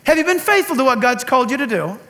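A man preaching a sermon in an animated, joking way, with sarcastic asides to the congregation. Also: very high-pitched, fast. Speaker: pastor.

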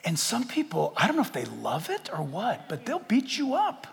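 A man's voice: high voice, huge pitch swings, normal speed, vocal fry. A man pastor preaching a sermon in a church sanctuary, impassioned and jokey, firing off rhetorical questions. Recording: long church hall reverb.

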